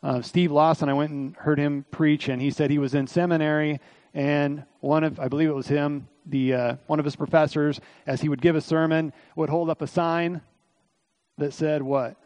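A middle-aged man delivers a sermon in a loose, conversational style, full of asides and fillers. His voice sits somewhat high for a man and sounds slightly hoarse. The sound is dry and close, with little room echo. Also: steady tone, normal speed, a little mellow. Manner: conversational, folksy preaching with frequent fillers and asides. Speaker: pastor.

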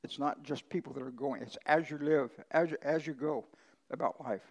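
A man's voice: a little high, normal speed, rough recording. A male pastor preaching a conversational sermon, telling folksy ranch stories with emphatic swings in his voice.

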